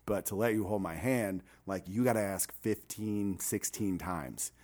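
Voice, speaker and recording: A man's voice: lowish voice, measured pace, a little mellow. A man, likely in his thirties, talking reflectively and earnestly as a men's ministry leader in a casual chat.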